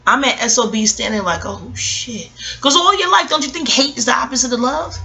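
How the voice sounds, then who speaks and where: Woman astrologer, casual monologue; bright tone, rambling, blunt, swears freely. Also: a little high, lively intonation, brisk, creaky, a little hiss or hum. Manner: rambling, digressive, blunt with profanity.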